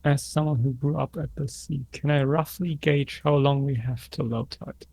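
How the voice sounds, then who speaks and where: A man playing a tabletop game, calm and deliberate. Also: mid-range voice, creaky. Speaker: player.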